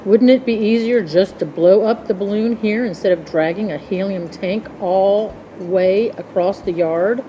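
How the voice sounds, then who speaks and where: A woman voicing a jittery young male squirrel who panics easily and cries out in shrill, repeated bursts. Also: measured pace, hardly any pauses, highs cut off, slight background noise, natural voice. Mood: anxious.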